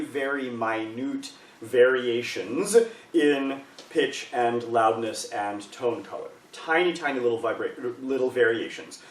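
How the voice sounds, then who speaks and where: A man's voice: mid-range voice, darkish tone, far from the mic. A man leading a choral workshop, patiently and encouragingly explaining vocal exercises to a group of singers. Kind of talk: live choir workshop teaching. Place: rehearsal room with a group. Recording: echoey room, speaker off-mic, faint hiss.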